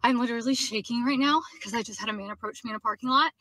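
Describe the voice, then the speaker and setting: A woman's voice: on the high side, rapid-fire, bright, forceful tone, no room sound. A shaken woman telling an agitated story straight to her phone camera. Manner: agitated, breathless retelling. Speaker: woman in a social media video.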